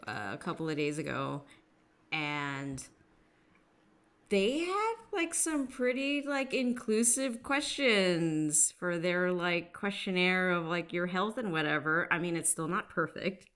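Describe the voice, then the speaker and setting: A woman's voice: lowish voice, expressive, slow pace, fairly bright tone, clear, resonant tone. A woman hosting a casual podcast, chatting with lots of fillers and frequent laughter. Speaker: podcast host.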